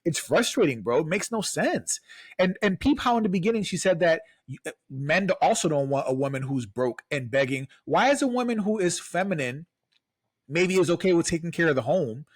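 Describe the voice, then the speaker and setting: A man's voice: a little high, lively intonation, brisk, no echo. A man co-hosting a podcast, arguing emphatically with repeated rhetorical questions in casual talk. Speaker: podcast co-host.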